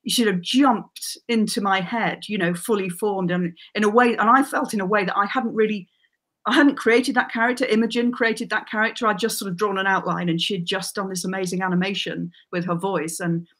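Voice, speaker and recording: A woman in her forties, a crime writer guest, chatting enthusiastically and telling lively stories. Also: medium pitch, a little fast. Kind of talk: casual chat.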